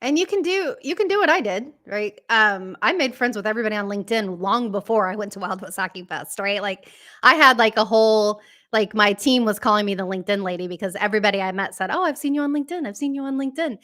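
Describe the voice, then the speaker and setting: A woman's voice: mid-range voice, a bit bright. A woman guest in a casual chat, speaking her mind in an outspoken way. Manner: quick, outspoken.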